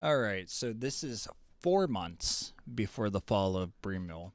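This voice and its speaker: A man's voice: fairly low pitch, lively intonation, a little slow, dry recording. A man running a tabletop game as game master, narrating loosely with fillers and self-corrections.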